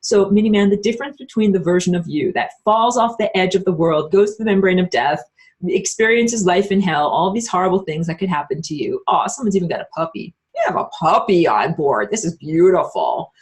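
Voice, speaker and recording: A woman teaching a live-streamed spiritual course, chatty and bubbly, answering chat comments and acting out quoted people in a higher voice. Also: lively intonation, fairly quick, slightly rough. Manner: many fillers like "like" and "um".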